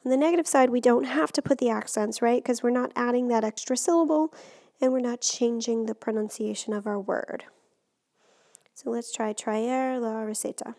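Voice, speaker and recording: Gravelly-voiced woman teaching Spanish grammar. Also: a little high, warm tone. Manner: patient, step-by-step explaining. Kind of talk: recorded grammar lesson.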